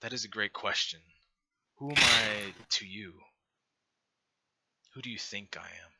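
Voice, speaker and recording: A man voicing a serene godlike male being, speaking slowly and softly in a solemn, welcoming way. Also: lowish voice, creaky, a little hiss or hum, heavily acted. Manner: slow, hushed, solemn and welcoming.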